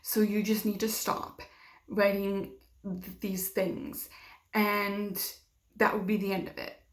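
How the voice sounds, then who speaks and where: A woman's voice: medium pitch, little pitch movement, slow. A young woman telling a personal story in a vlog, emotional and acting out what others said to her. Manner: emotional, acts out quoted dialogue, many fillers. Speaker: vlogger. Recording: roomy echo.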